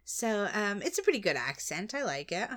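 An American woman co-hosting a podcast in casual chat, teasing and quick to laugh. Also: mid-range voice, sing-song, fairly bright tone. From United States. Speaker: podcast co-host.

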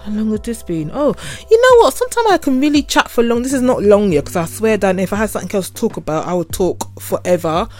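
A woman's voice: mid-range voice, fast talker, hardly any pauses, faint music behind. A young woman with a London accent, hosting her podcast as a casual solo rant full of slang. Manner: chatty, slangy, animated. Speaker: podcast host.

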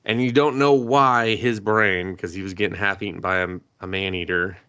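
A man with a fairly low voice talks through a plot recap on a podcast, rambling loosely with plenty of "like" and "um" and the odd swear word. The audio is dull and lo-fi, as if on a modest home podcast setup. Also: fairly even intonation, moderate pace, bright, forceful tone, smooth. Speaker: podcast co-host. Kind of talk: casual chat recapping anime.

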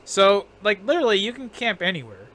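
A man's voice: sits high, sing-song, fairly quick, fairly bright tone. A man co-hosting a casual podcast, rambling with lots of fillers, restarts and frequent laughter. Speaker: podcast co-host.

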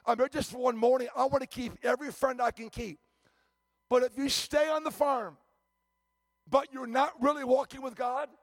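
A man's voice: very high-pitched, no echo, clean studio sound. A man preaching a sermon as a visiting preacher, telling stories emphatically with frequent restarts and stammers.

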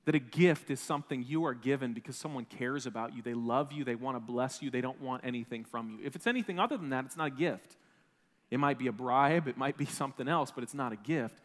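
A man in his thirties from Wisconsin, preaching a sermon as a pastor, telling a personal story in an animated, self-deprecating way with frequent restarts. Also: medium pitch, fast talker. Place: church sanctuary. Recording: long reverb of a church hall.

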